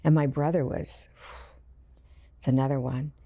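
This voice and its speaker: Woman medium w a low voice sharing stories, does the voices, dry close sound. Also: fairly even intonation, measured pace, mellow, dry recording. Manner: earnest, acts out quoted voices in her stories. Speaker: intuitive medium, podcast guest. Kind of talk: personal storytelling in conversation.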